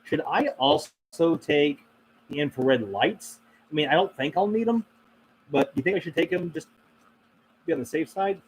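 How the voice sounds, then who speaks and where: A man's voice: on the high side, sing-song, moderate pace, long pauses, a little hiss or hum, low-quality recording. A man hosting a casual live stream, reading and answering chat, rambling with many fillers and frequent laughs. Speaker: paranormal channel host reading live chat.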